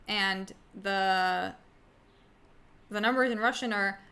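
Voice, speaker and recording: A young woman on a livestream talks loosely to her viewers, her sentences wandering and full of fillers. She swears in passing and answers chat as she goes. Her pitch sits in the middle for a woman. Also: slow, bright, forceful tone. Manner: rambling, filler-heavy, swears casually. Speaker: streamer.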